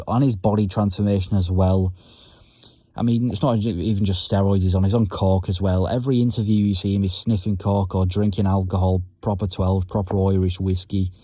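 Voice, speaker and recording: Blunt man ranting fast. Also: low-pitched, dark tone, dry recording. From Britain. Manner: blunt, profane, rambling rant. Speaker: vlogger. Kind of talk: sports rant vlog.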